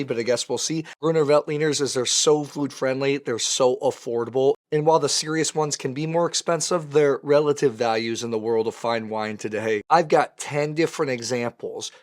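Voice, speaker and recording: A man with a weakened voice from recent voice loss, presenting a wine tasting in an enthusiastic, conversational way. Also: mid-range voice. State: weak voice from lost voice. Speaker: wine educator.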